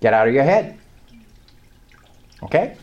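An older speaker, giving a personal testimony to a small group in an animated storytelling way, acting out prayers and chuckling. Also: medium pitch, unhurried, highs cut off. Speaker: lay preacher sharing testimony.

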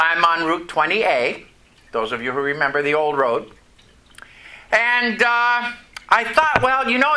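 A man's voice: high-pitched, bright, forceful tone. A man preaching a testimony to a congregation, telling a story and asking the audience questions. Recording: echoey room, faint noise.

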